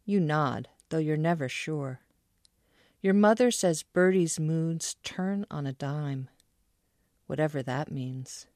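A woman author reading a passage of her own novel aloud in a measured literary way. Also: deep voice, a little mellow, no room sound, clean studio sound.

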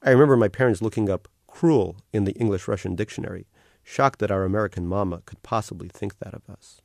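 Author reading his fiction: wry, deadpan male narrator, very dry close sound. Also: lowish voice, quick pace, gravelly, dry recording. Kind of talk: literary reading.

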